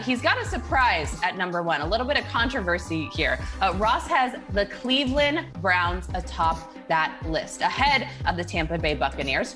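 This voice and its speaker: A woman hosting a live morning sports talk show, chatty and upbeat as she leads the segment from a studio. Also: fairly low pitch.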